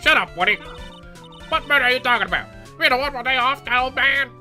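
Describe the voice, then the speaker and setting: Brief: a man playing a pompous puppet who shouts insults in a mid-Atlantic accent, very bright and lively. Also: fairly quick, soft background music, heavily acted. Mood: indignant. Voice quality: shouty, insulting, high-pitched. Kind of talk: fan voice-over of a game.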